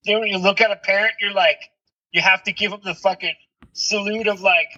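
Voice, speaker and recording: High bright husky dad telling stories. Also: male voice, brisk. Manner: animated storytelling, swears freely. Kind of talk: casual chat. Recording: dull lo-fi recording.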